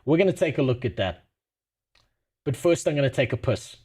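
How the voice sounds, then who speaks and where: A man's voice: mid-range voice, lively intonation, fairly quick, darkish tone, slightly rough. A man ranting sarcastically and with a lot of swearing while streaming. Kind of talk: casual live-stream commentary.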